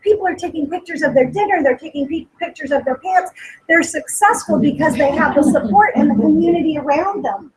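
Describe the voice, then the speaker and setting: A woman in her forties gives an earnest motivational speech at a company sales meeting, her high-pitched voice animated and brisk on a low-quality recording. Emotional and sometimes tearful, she repeats her points with emphasis.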